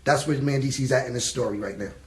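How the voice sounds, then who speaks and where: A man's voice: medium pitch, quick pace. Interviewer man in an echoey room.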